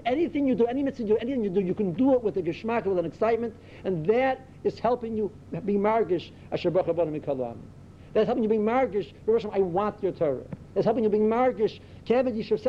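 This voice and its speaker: A man giving a Torah talk as a rabbi, telling stories full of Yiddish and Hebrew words and climbing to excited emphasis. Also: fast talker. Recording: dull lo-fi recording with faint rumble.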